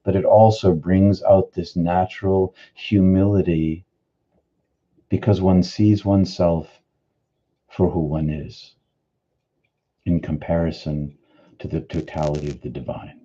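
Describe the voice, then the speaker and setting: A man from the Boston area speaks in an earnest, reflective way, teaching spiritual ideas on a live stream and pausing to answer viewers by name. His voice sits low, with a very mellow, husky tone. The sound is a little dull and lo-fi. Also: steady tone. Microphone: studio microphone.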